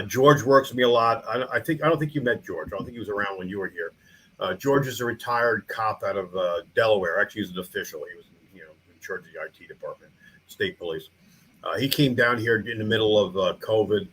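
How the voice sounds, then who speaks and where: A man's voice: on the low side, a bit bright, slight background noise, poor audio. A middle-aged man from New York, a museum founder and small-town mayor, chatting in a podcast interview with many restarts. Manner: rambling, frequent restarts and fillers.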